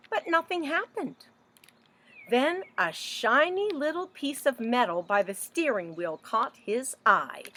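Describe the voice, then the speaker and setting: Woman reading a kids' story aloud, lively swooping voice, bright tone, slow and clear, asks the children questions. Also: medium pitch.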